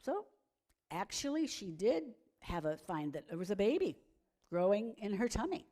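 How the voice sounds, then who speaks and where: Gentle woman telling a story at a service. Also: mid-range voice, very animated, moderate pace. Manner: gentle, asks the audience questions. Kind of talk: children's story time at a service.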